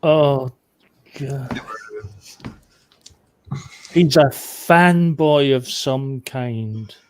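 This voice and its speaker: A man's voice: medium pitch, drawn-out words, darkish tone, smooth. Joking, foul-mouthed man playing a tabletop game. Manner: joking, swears freely. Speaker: player. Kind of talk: casual tabletop game chat.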